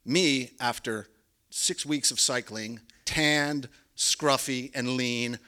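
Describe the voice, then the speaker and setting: A man's voice: medium pitch, slow, bright, forceful tone, clean tone. A man telling a personal story on stage, with wry, understated comic timing. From Canada.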